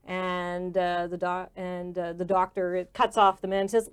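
A woman's voice: on the low side, flat delivery, normal speed, few pauses, smooth. A woman narrating a tabletop game as game master in a casual, descriptive way. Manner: casual, descriptive, many fillers.

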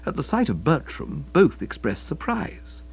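A man's voice: fairly high pitch, huge pitch swings, unhurried, gravelly, slightly rough, dull audio. A man narrating a comic novel with wry, mock-dignified storytelling. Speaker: audiobook narrator.

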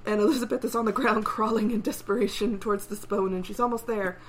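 A woman's voice: medium pitch, fairly even intonation, quick pace, slight background noise. A young woman co-hosting a podcast, playfully recapping a manga scene and voicing its sound effects. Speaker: podcast co-host. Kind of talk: casual manga recap chat.

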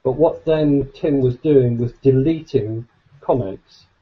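A man's voice: mid-range voice, takes it slowly, breathy edge, narrow, tinny audio. A man, a co-host and father, telling stories in a wry, casual way. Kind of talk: casual group chat.

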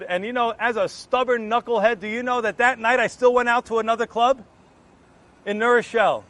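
A man giving an earnest personal Christian testimony, telling his story in an animated way and acting out the exchanges he remembers. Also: sits high, fairly quick.

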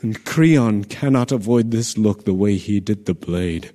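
An actor playing a messenger in a radio play, telling a terrible event urgently and vividly. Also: male voice, lowish voice, a little slow, mellow, close to an everyday voice. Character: breathless male messenger bearing terrible news.

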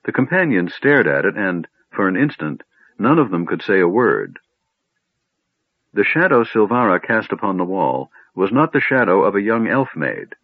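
A male narrator telling a fantasy story with a lowish, lively voice that rises and falls freely. The recording is narrow and tinny like a phone line, with a completely dry sound. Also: moderate pace, no room sound. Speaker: audiobook narrator. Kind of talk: scripted audiobook narration.

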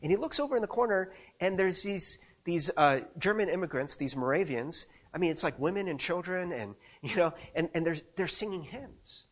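A man's voice: high voice, animated, normal speed, hardly any pauses. A man preaching a sermon in a conversational way, often checking in with his listeners and restarting his sentences. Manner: conversational, frequent rhetorical "right?" and restarts. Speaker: pastor.

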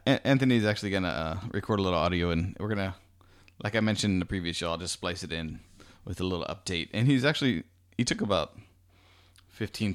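An American man hosting his own podcast, chatting in an easygoing, rambling way with plenty of fillers and restarts. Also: low voice. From United States. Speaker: podcast host. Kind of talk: casual solo podcast chat.

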